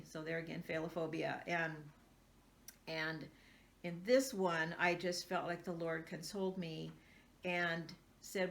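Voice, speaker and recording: A woman's voice: deep voice, little pitch movement, measured pace, creaky, fairly bright tone. An older woman sharing personal faith stories in a casual, earnest monologue, with frequent ums. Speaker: homeschooling vlogger.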